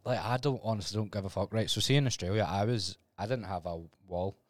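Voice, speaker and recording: A young Glaswegian man, a podcast guest, telling animated stories with plenty of swearing and laughter. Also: lowish voice, fast talker, no echo, clean studio sound. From Scotland. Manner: animated storyteller, swears freely, laughs often. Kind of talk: casual chat.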